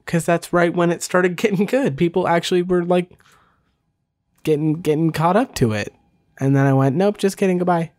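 A man hosting a casual solo podcast, rambling with many fillers and restarts, self-deprecating and talking fast. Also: on the high side, fairly even intonation, darkish tone. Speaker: podcast host.

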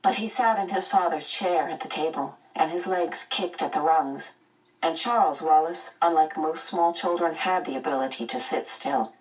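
A woman narrating a children's novel aloud in a measured, expressive way. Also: sits low, far from the mic, rough recording. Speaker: audiobook narrator. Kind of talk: storybook narration.

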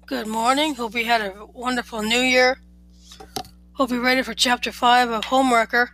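A woman's voice: on the high side, steady tone, normal speed, fairly bright tone, faint music behind, poor audio. A woman reading a story aloud in a plain way, often stumbling and restarting words.

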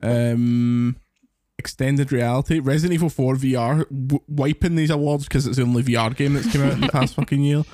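A man's voice: medium pitch, fairly quick, no room sound, studio quality. A man co-hosting a podcast, ranting and joking in heavily sweary casual chat. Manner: sweary, animated, jokey rants. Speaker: podcast co-host.

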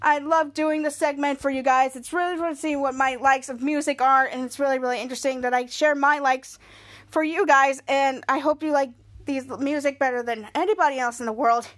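High-voiced woman hosting a chatty recap. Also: a little fast. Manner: rambling and excitable, often breaking into laughter. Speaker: podcast host. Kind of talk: casual recap commentary.

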